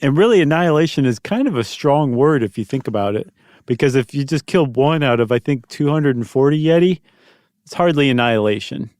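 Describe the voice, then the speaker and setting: A man's voice: medium pitch, lively intonation, brisk, darkish tone, dry recording. A man co-hosting a podcast in casual chat, telling stories with wry, dry humor. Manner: wry, dry humor, explains things in a storytelling way. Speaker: podcast co-host.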